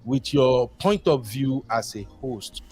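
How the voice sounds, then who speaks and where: A man's voice: mid-range voice, lively intonation, takes it slowly, darkish tone. A Nigerian man calling in to a talk show, chatting casually and rambling, slipping into Pidgin. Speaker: caller. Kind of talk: casual call-in chat.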